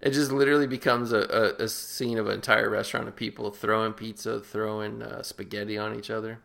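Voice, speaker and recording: A man's voice: lowish voice, little pitch movement, quick pace, vocal fry, a bit bright. A man co-hosting a podcast, rambling crudely through a film recap and correcting himself as he goes. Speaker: podcast co-host. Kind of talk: casual film-review chat.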